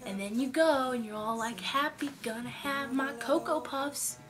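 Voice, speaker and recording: A young woman with a high-pitched voice vlogs casually to camera at normal speed over music. Chatty and animated, she tells stories packed with "like"s, and she has a sore throat.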